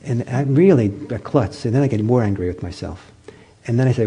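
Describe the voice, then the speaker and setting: A man giving a meditation talk, telling stories gently with many pauses, fillers and restarts. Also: mid-range voice, breathy edge. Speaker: meditation teacher. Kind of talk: dharma talk.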